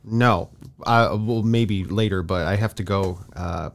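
A man's voice: low voice, measured pace. A man co-hosting a podcast, giving short replies and dry teasing in casual chat. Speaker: podcast co-host.

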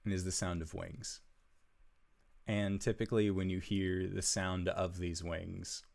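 A man narrating as game master for a tabletop game in a slow, measured, hushed storytelling manner. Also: low voice, level tone, vocal fry.

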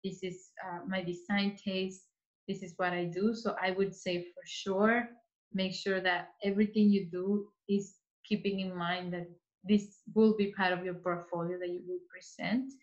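An interior designer gives career advice in a casual interview, earnest and repeating herself, restarting as she searches for words. Her voice is medium-pitched, flat and unhurried, with slightly dull lo-fi sound.

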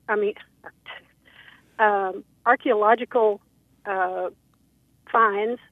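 A woman's voice: mid-range voice, dry recording. A woman from Texas calling in to a radio show, polite and a little hesitant, with many ums. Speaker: caller. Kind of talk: call-in radio conversation. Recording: tinny phone line.

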